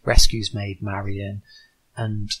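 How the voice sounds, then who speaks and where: A man guest on a podcast, talking casually about designing a board game, halting with many ums and restarts. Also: on the low side, monotone, a bit bright, slightly rough, rough recording.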